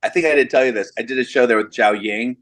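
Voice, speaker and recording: Comedian guy on a podcast, talks super fast, spinning a story. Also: mid-range voice, a bit bright. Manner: quick anecdotal storytelling. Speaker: comedian co-host. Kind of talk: casual podcast chat.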